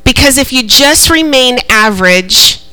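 A woman, preaching a sermon in an animated way, laughing often and calling for responses from the congregation. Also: high-pitched, unhurried, clean tone, low-quality recording.

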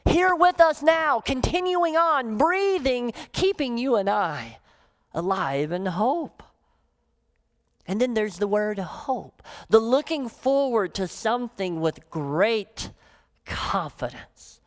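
A woman pastor delivering a sermon, her fairly high voice swooping widely as she presses each point. She leans hard on key words, then sinks into quiet, low phrases to let them land. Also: animated, slow. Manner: emphatic, drops to soft low phrases for weight.

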